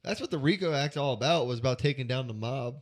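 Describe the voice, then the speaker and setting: A man's voice: mid-range voice, fast talker. A man co-hosting a casual podcast, explaining at length and restarting his sentences. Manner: rambling, restarts while explaining. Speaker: podcast co-host. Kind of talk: casual chat.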